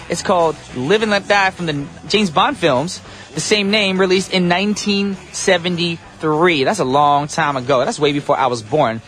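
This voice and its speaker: A man's voice: high-pitched, fairly bright tone. A young man hosting a morning radio show in a studio, chatty and joking as he talks to listeners.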